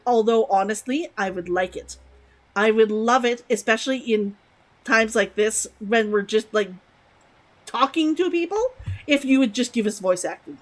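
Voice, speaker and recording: Young woman, casual game commentary; chatty, giggly, lively high voice. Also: moderate pace, rough recording. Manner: chatty and rambling, laughs often, repeats words. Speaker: streamer.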